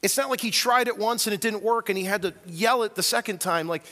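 A man preaching a sermon as a pastor, earnest and emphatic, swinging from quiet to loud as he tells the story. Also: high voice, fast talker, in a large hall.

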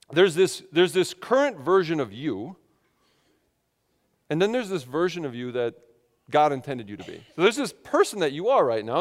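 A man in his thirties preaching a sermon in a conversational, self-deprecating storytelling way, stumbling over restarts as he talks. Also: sits high. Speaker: pastor. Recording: long hall reverb.

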